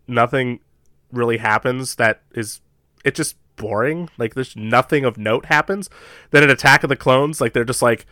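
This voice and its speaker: A young man co-hosting a podcast, talking in an animated, casual way and laughing often. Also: a little high, no echo, clean studio sound. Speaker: podcast co-host. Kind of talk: casual chat.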